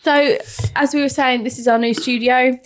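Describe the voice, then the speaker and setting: A woman's voice: sits high, fairly even intonation, normal speed. A woman co-hosting a podcast in a studio, chatting casually and keeping her co-host on track. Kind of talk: casual chat.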